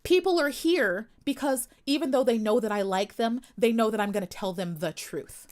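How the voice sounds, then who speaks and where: A woman's voice: fairly high pitch, normal speed, darkish tone. A young adult woman from the United States hosting a live stream, talking back to critics in the chat in a sassy, confrontational way with emphatic repetition. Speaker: livestream host.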